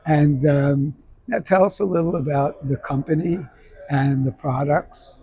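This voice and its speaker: A man's voice: a little high, steady tone, unhurried, mellow, slightly rough, dry recording, low-quality recording. A man interviewing a guest, asking easygoing prompting questions.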